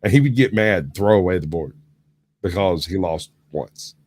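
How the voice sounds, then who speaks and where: A man's voice: low-pitched, expressive, moderate pace, a little mellow, slight background noise. A man chatting casually as a guest on a podcast, crude and joking in a laid-back way. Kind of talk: casual chat.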